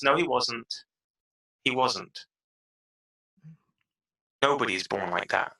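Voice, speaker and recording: A man as a podcast guest giving emphatic advice, acting out inner voices with big jumps in pitch. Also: takes it slowly, long pauses, bright, forceful tone, poor audio. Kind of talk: animated interview talk.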